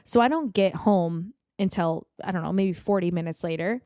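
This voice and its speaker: A woman telling a bad date story in casual chat, lively and swearing as she acts out what people said. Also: fairly low pitch, normal speed, dry recording, studio quality. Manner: animated, swearing, acts out quotes. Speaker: guest.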